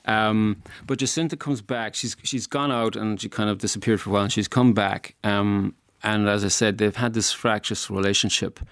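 A man, an actor, explaining the story in a relaxed radio interview. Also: lowish voice, normal speed, few pauses, no room sound, clean studio sound.

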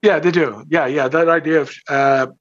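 A man's voice: a little high, steady tone, fairly bright tone. Older actor guy being interviewed, lots of uhs and restarts, bit muffled line. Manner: halting, searching for words, many fillers. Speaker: actor guest. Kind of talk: interview conversation.

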